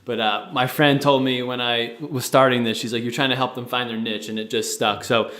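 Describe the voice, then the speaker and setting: A man's voice: mid-range voice, fairly even intonation, fairly quick, fairly bright tone, reverberant. A young man casually co-hosting a podcast, rambling a little with fillers and restarts. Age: young adult. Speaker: podcast founder and co-host. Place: studio with a producer present.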